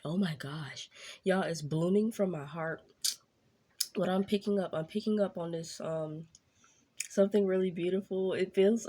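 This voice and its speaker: A woman giving a casual tarot reading straight to her viewers, chatty and excitable. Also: on the low side, a little hiss or hum. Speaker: tarot reader.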